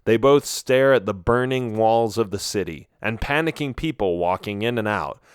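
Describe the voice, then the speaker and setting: A man's voice: fairly low pitch, smooth, dry recording, studio quality. A man narrating a fantasy adventure audiobook in a dramatic, emphatic way. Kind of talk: scripted storybook narration.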